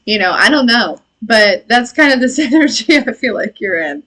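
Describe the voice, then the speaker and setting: A woman in her thirties hosts a casual live-stream tarot-style intuitive reading, chatting, laughing, swearing casually and responding to chat comments. Her voice is a little high, expressive and fairly bright, at a moderate pace.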